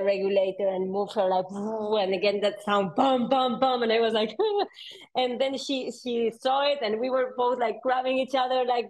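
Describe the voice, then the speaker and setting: A woman underwater photographer shares dive stories at a presentation, speaking casually and animatedly. She laughs often and acts out the people in her stories. Her voice sits at an ordinary middle pitch. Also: a little mellow, poor audio. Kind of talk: casual storytelling talk.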